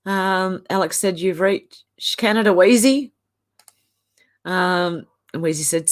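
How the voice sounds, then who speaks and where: A woman's voice: lowish voice, takes it slowly, pauses often. A woman from Australia hosting a livestream, reading out viewer comments in a casual chatty way and chuckling often. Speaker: livestream host reading chat. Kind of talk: casual chat.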